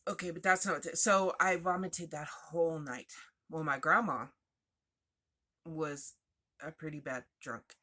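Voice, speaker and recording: A woman's voice: sits low, steady tone, a little slow, pauses often, bright, forceful tone. A woman frankly telling a personal story in a chatty, confessional way with asides. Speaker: vlogger sharing personal recovery story.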